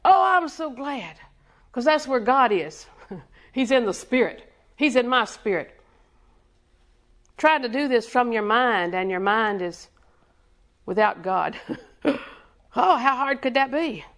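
A woman preaching in a somewhat high voice, building her points through rhythmic repetition. She puts questions to the congregation and answers them herself. Short chuckles come between her points. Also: lively intonation, takes it slowly, long pauses, a bit bright. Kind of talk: sermon.

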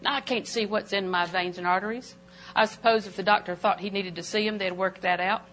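An older woman preaching a sermon in a church auditorium, animated and emphatic, with sudden jumps in pitch. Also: fairly quick, slight background noise.

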